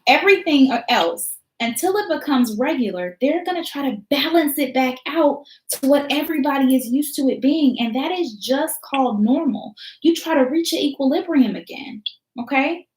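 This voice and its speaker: A woman's voice: high-pitched, lively intonation, normal speed. A woman teacher hosting a motivational talk, speaking in an emphatic, preachy style with repeated phrases and casual slang. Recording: roomy echo.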